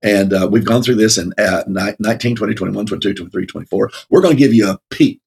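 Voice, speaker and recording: Guy chatting about the bible, low husky voice, lots of uhs, laughs a lot. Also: quick pace, a little mellow. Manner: rambling, many fillers, laughs often. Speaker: co-host of a Bible talk show. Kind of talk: casual Bible discussion.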